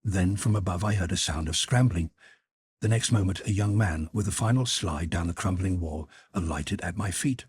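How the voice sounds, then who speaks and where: A male audiobook narrator with a very deep, strongly husky voice. He reads in a measured, even way, close to the mic in a dry, dead room. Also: no echo.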